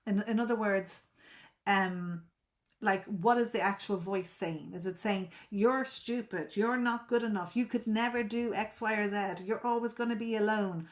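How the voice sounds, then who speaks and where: A woman coaching a group on a live video call, explaining at length. She often repeats and restarts words and checks whether listeners follow. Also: mid-range voice.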